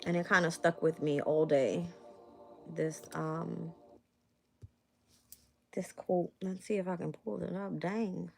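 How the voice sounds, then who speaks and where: A woman reads tarot cards live. She talks bluntly, swears casually and laughs often. Music plays clearly behind her. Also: lowish voice, steady tone, slow, long pauses, darkish tone. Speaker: tarot reader. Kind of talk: live-stream tarot reading.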